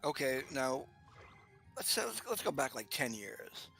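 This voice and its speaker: Jokey co-host, gravelly voice, lively pitch, faint music under. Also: male voice, measured pace. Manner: jokey, rambling, laughs often. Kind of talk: casual chat during a game stream.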